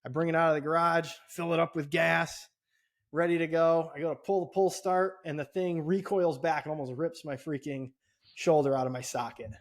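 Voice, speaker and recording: A middle-aged man co-hosting a podcast tells a story casually, his somewhat high voice moving at a moderate pace. He's animated and swears a lot, and his voice shoots up sharply whenever he gets indignant.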